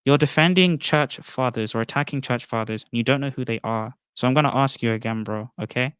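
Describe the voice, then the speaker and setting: A man's voice: mid-range voice, brisk, a bit bright, clear, resonant tone, dry recording, studio quality. A man in an online debate who speaks assertively and lectures his opponent while pressing his questions.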